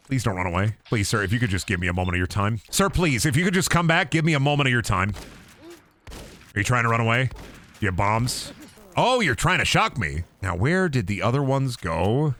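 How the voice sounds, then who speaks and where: A man's voice: medium pitch, sing-song, brisk, a bit bright. A young man streaming a video game, joking around in a goofy, playful way and slipping into silly voices. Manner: goofy, jokey, often putting on silly voices. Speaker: gaming streamer.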